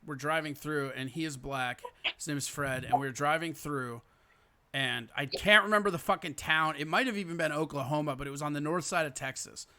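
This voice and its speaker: A man's voice: on the high side, a little fast, sharp tone. A man, a comedian hosting a podcast, telling blunt and profane stories in casual chat. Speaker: comedian host.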